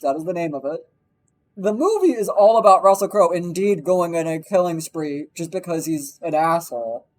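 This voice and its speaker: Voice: medium pitch, poor audio. A streamer telling a story in a casual live stream, swearing freely, rambling and acting out the people being quoted.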